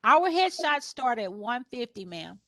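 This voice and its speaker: Lively woman photographer with a high, dry voice. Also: unhurried, no room sound. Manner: lively storyteller who acts out customers in a higher voice; laughs often while talking. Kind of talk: panel discussion sharing business advice.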